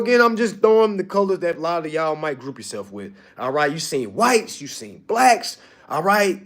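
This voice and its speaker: A man's voice: fairly high pitch, moderate pace, few pauses. A man teaching a seminar, talking casually and with lots of energy to a live audience, often swearing and checking in with the room. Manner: animated, profane, keeps asking "all right?". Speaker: seminar instructor.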